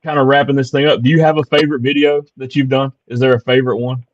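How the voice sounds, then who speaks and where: A man's voice: medium pitch, flat delivery, quick pace, no room sound. An easygoing man hosting a podcast who chats casually with his guest and keeps the conversation moving. His voice sounds a little dull and lo-fi, with a dry, close sound. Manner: easygoing, laughs along, steers the conversation. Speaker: podcast host. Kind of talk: casual interview chat.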